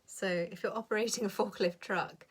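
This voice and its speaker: A woman's voice: medium pitch, normal speed, slightly rough. A woman in her thirties ranting blunt and sweary on a live stream as a coach, laughing often. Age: 30s.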